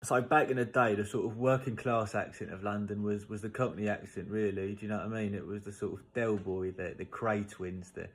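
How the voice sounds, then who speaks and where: Wry man with a lowish voice. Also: steady tone, brisk, hardly any pauses, crowd noise. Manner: conversational, wry. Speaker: explainer. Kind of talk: casual explainer video.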